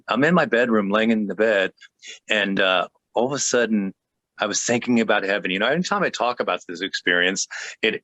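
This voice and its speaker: A man guest telling a personal faith story in an earnest, halting way, with many restarts. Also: on the low side, pushed and bright, dry recording.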